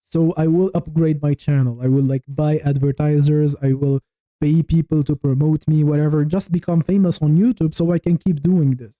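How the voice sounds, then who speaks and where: Man, 30s, from Tunisia, livestreamer; frank, rambling chat, restarts a lot, very mellow dark tone. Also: fairly high pitch, fairly even intonation, moderate pace, dry recording, rough recording. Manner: frank, rambling, thinking aloud with many restarts. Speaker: YouTube livestreamer. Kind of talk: casual livestream chat answering viewers.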